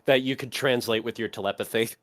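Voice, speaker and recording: A man playing a tabletop game, chatting in an animated, playful way. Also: medium pitch, quick pace, no room sound, studio quality. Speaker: player. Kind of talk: casual tabletop game chat.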